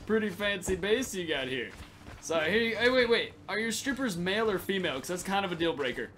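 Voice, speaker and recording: Excitable high-voiced male gamer. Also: brisk, slight background noise. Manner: excitable, joking, laughs a lot. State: tired, late at night. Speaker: gaming channel host. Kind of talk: casual gameplay commentary.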